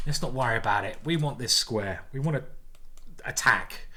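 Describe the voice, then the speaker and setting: A man, a chess grandmaster, giving lively, self-mocking live commentary on his own games as he plays them. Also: mid-range voice, normal speed. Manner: animated, exclaiming, self-mocking banter.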